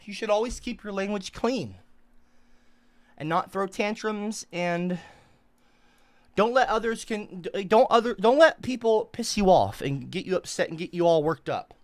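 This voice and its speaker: A man live-streaming in an angry, profane rant, swinging into yelled insults. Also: high voice, expressive, a little slow. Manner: profane, volatile, yelling insults.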